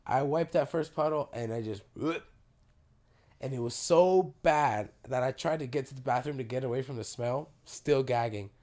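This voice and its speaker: A man hosting a podcast, telling a story in a casual, animated way, swearing freely, his voice worn by a sore throat. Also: medium pitch, moderate pace. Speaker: podcast host. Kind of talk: casual chat.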